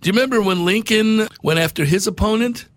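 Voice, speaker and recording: With a voice that sits high and a fairly quick delivery, this radio host makes casual chat commentary full of sarcasm, mockery, and frequent laughter. The recording has no echo.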